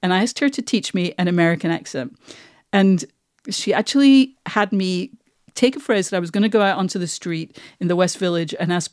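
A woman's voice: on the low side, a little mellow, dry recording. A middle-aged woman hosting a podcast, chatting casually and laughing as she trails off and restarts. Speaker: podcast host. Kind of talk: casual chat.

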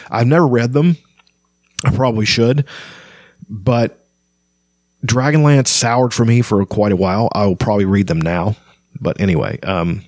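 A man's voice: fairly low pitch, no room sound, clean studio sound. A man hosting a podcast, chatting about a fantasy book in a casual, rambling way, full of fillers and restarts.

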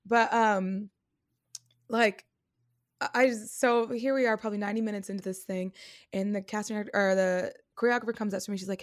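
A woman's voice: medium pitch, brisk, no echo, studio quality. Chatty woman telling a stage story. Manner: animated, chatty, laughs often, many fillers. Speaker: Broadway performer, guest. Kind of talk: casual interview storytelling.

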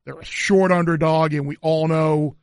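A man co-hosting a sports betting podcast, measured and agreeable, quoting stats. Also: fairly high pitch, steady tone, clear, resonant tone, no echo, studio quality. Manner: measured, stat-heavy, agreeable. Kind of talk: casual sports betting chat.

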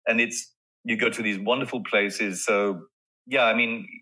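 A man with a lowish voice and a bright, forceful tone. He is an actor guest on an interview show, speaking animatedly, with frequent laughs and restarts. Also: unhurried, rough recording. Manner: animated, laughs often, restarts mid-sentence. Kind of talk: casual interview talk.

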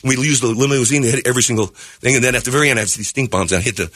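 A man on a radio studio mic, rattling off rambling stories at a quick clip. His voice is bright and edgy with a husky grain, and it swoops up and down as he acts out the other people in them. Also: medium pitch, no echo. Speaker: comedian guest. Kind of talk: animated storytelling.

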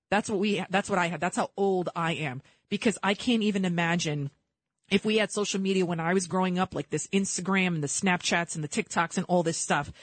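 A woman's voice: on the low side, no echo. A woman in her forties hosting a talk radio show, chatty and opinionated, rambling from one point to the next. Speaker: radio host. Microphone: studio mic.

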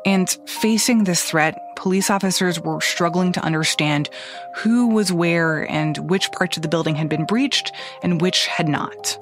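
High-voiced man narrating a news story. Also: unhurried, music in the background. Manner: conversational, explanatory narration. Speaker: podcast host.

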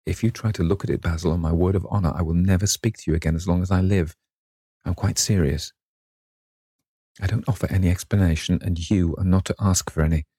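A man reading the lines of a vain, petulant young gentleman in an audiobook, pleading and imperious by turns. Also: sits low, steady tone, breathy edge, no echo, studio quality. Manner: pleading then imperious, measured delivery.

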